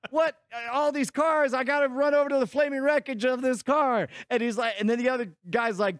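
A man giving a rambling, laughing comic recap of a movie, dropping into gruff low voices for the characters. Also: normal speed, a bit bright, no room sound, studio quality. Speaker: comedian recapping a film.

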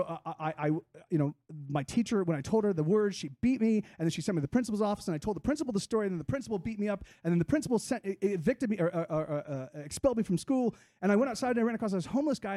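Brief: scared little boy, tumbling run-on sentences, fast, played by a man telling a joke. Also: high-pitched, dark tone, no room sound, studio quality, close to an everyday voice. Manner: breathless run-on retelling. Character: scared eight-year-old boy in tears.

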